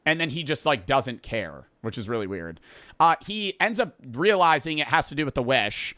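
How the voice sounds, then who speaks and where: A man's voice: medium pitch, big pitch swings, moderate pace, pushed and bright, dry recording, studio quality. A man casually recapping a movie plot, rambling and profane, laughing as he goes. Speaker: podcast host.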